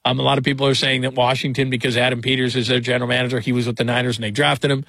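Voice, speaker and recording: A man's voice: mid-range voice, level tone, rapid-fire, creaky, fairly bright tone, no echo. A man hosting a late-night sports talk radio show, chatty and rambling with wry asides. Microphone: studio microphone.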